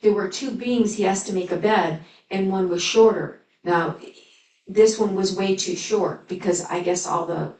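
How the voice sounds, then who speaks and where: A woman's voice: on the low side, darkish tone. A woman teaching at a spiritual service, reading old scripture aloud and breaking in with chatty, amused asides. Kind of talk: sermon reading scripture with commentary. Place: spiritual center service room. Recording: echoey room, voice from far off.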